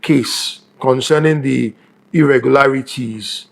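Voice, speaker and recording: Guy on a morning show, gravelly, hammering his points home. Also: mid-range voice, takes it slowly. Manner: emphatic, repeats for stress. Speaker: guest analyst. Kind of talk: morning show news commentary.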